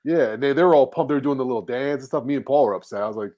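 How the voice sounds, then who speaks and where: A man's voice: medium pitch, racing, dark tone. A man, co-hosting a podcast and telling rambling, profane stories that act out the people he quotes. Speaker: podcast host. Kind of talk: casual storytelling chat.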